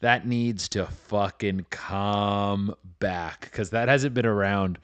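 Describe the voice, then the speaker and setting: A man's voice: lowish voice, slow, a bit bright, smooth, no room sound. A man hosting a comedy podcast, rambling through a profane, casual monologue full of restarts and fillers.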